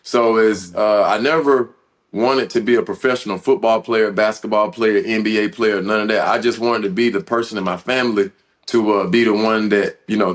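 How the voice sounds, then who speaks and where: Earnest man telling a hard story. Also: lowish voice. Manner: halting, earnest, frequent restarts and fillers. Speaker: podcast guest, former football player. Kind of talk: emotional personal storytelling.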